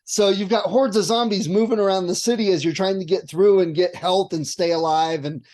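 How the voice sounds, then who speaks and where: A man co-hosting a podcast, telling game-night stories in a lively, animated way and laughing as he goes. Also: high-pitched, brisk. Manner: animated storyteller, acts out lines with laughs. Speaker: podcast co-host. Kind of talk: casual chat.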